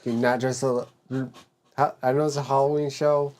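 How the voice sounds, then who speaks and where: A man's voice: medium pitch, level tone, unhurried, a little mellow. A man who is a guest on a podcast, chatting casually with blunt, jokey, mock-dramatic complaints. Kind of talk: casual chat.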